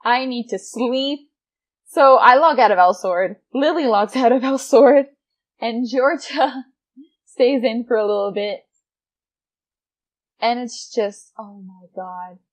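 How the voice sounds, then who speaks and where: A young woman in her twenties with a slightly high voice tells a gaming story in a loose, animated way. She swears casually and often breaks into laughter as she goes. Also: takes it slowly, long pauses. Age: 20s. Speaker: gaming vlogger.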